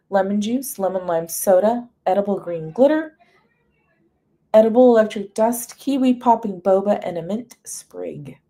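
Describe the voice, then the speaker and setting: A chatty woman hosts a live stream with a warm, mellow voice. She reads menu items aloud as long lists and greets her viewers by name. Her talk is easygoing and casual. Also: on the low side. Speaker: livestream host.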